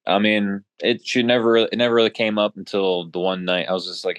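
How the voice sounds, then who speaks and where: A man calling in to a marriage coach, telling his story in a halting way with many fillers. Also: lowish voice, little pitch movement, clean tone, dry recording. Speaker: caller seeking marriage advice. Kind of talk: personal account on a coaching call.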